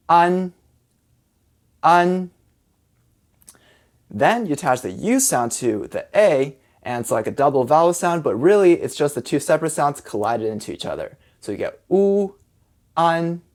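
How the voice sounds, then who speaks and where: Pronunciation lesson, casual teacher, slow sounded-out syllables, friendly step-by-step explaining. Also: mid-range voice, a little mellow. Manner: casual and friendly, with fillers like "kind of" and "like". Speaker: language teacher.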